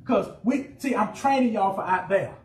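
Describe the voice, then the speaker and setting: In a church sanctuary, a fervent pastor delivers a sermon in a high, ringing voice at normal speed, trading shouted refrains with his congregation in call-and-response as the excitement rises. The sound is roomy and a little distant, with a faint hum of church ambience.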